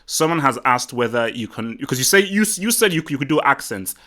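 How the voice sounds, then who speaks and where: A man hosting a casual live football stream, teasing and boastful, talking excitably to his guest and the chat. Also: mid-range voice, fairly quick. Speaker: livestream host.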